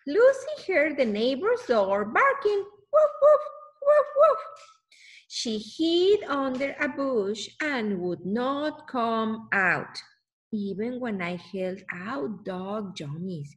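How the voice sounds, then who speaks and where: A woman's voice: on the high side, very animated, slow. A woman reading a picture book aloud to children, exclaiming often and stopping to ask the listener questions.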